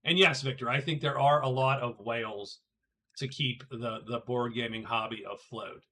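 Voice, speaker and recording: Bright-voiced man thinking aloud. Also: medium pitch, fairly even intonation, normal speed. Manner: thinks aloud, stammers and repeats words. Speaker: board game streamer. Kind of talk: casual live-stream chat while playing a board game.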